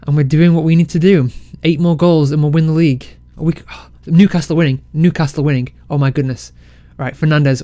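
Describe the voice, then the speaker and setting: A man casually commentating his football management game, excitable and self-mocking. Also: on the high side, no room sound. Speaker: game let's-play creator.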